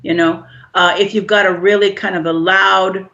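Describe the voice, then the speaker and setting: A woman guest explaining emotional healing in a calm, measured, gently instructive way. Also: medium pitch. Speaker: guest expert on healing shame. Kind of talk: explanatory interview answers. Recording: dull lo-fi audio.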